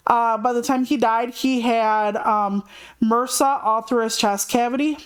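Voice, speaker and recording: A woman's voice: fairly high pitch, fairly even intonation, a little slow, smooth. A woman streamer in casual livestream chat, rambling and frank, swearing freely as she talks.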